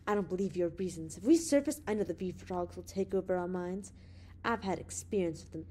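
A woman's voice: on the low side, brisk, slight background noise, close to an everyday voice. Woman reading a tense, accusing male officer. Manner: loud, insistent and accusing. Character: tense male officer holding friends at gunpoint.

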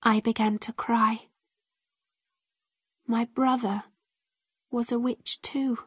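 Rich: A woman reads a simple story for learners in a very slow, deliberate way. Her voice is fairly high and somewhat husky. The recording is dry and close. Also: little pitch movement, dry recording. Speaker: narrator. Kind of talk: slow graded-reader story narration.

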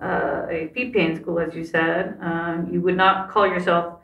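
A woman's voice: lowish voice, level tone, a little slow, dull audio. A woman hosting a podcast, interviewing a guest in a friendly, conversational way. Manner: friendly, conversational, brief acknowledgements. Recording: roomy sound with faint music.

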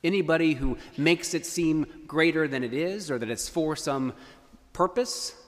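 A man's voice: fairly high pitch, normal speed. A man preaching a sermon in a church, telling a story in an earnest, emphatic way. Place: church sanctuary. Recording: long church reverb.

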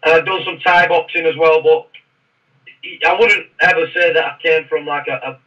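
A man's voice: a little high, fairly even intonation, normal speed. A man, a former Royal Marine, telling stories in a casual podcast interview with a rambling, restarting manner, heard through muffled, distant audio.

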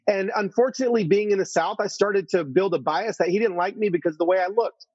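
A man's voice: high-pitched, fast talker, a little mellow, breathy edge, dry recording, lo-fi sound. A man as an interview guest, telling a story earnestly, full of restarts and asides.

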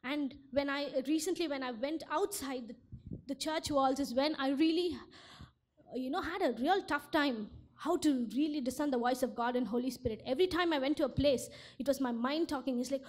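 High-voiced woman giving an earnest testimony. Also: a little fast, darkish tone. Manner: earnest, repeats words when searching for them. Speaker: church speaker. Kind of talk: testimony sermon.

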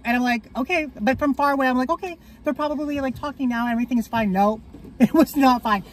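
A woman's voice: high voice, fast. A young woman chatting casually, laughing easily and using many fillers. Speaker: co-host partner. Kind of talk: casual storytime chat.

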